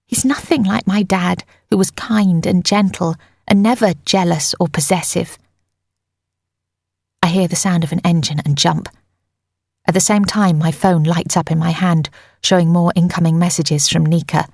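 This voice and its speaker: A woman's voice: on the low side, steady tone, moderate pace, creaky, a little mellow, dry recording. A woman narrating a tense first-person audiobook on a close mic, in an urgent storytelling manner.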